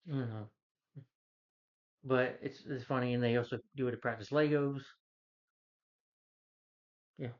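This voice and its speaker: Man, movie reviewer, casual plot recap, rambling, lots of fillers, mid pitch, muffled lo-fi audio. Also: fairly even intonation, unhurried, pauses often. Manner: rambling, full of "you know" and restarts. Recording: dull lo-fi recording.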